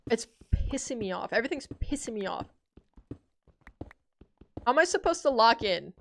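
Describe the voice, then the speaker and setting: A woman in her twenties giving casual gameplay commentary, animated and self-deprecating, cursing as she rants. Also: a little high, moderate pace, gravelly, long pauses. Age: 20s. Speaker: gaming streamer.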